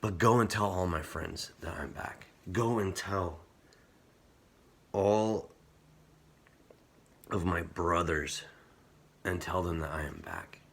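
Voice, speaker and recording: A man voicing a gentle, quiet teacher. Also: sits low, sing-song, slow pace, creaky, long pauses, breathy edge, exaggerated voice. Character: gentle risen teacher speaking to a grieving woman.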